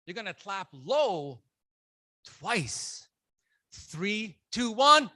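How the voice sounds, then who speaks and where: A keynote speaker at a conference who leads the audience through call-and-response and counts, breaking into loud shouts to rouse them. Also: mid-range voice, sing-song, drawn-out words. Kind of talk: motivational speech with audience participation. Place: conference room with a live audience.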